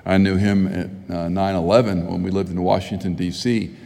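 A middle-aged pastor preaches a sermon in a hall with long reverb, telling stories conversationally before growing emphatic. His voice is low-pitched, creaky and mellow, with flat delivery at normal speed.

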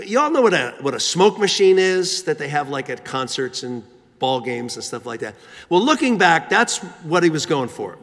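A man's voice: on the high side, fairly bright tone. A man preaching a sermon, telling a story with rhythmic repetition. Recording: long hall reverb.

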